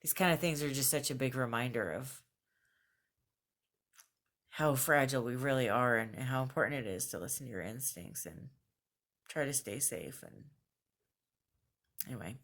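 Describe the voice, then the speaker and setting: A woman's voice: a bass voice, moderate pace, long pauses. Earnest woman vlogging at home. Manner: earnest, thoughtful, with frequent fillers and soft laughs. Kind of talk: casual video journal talk. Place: at home, just out of bed.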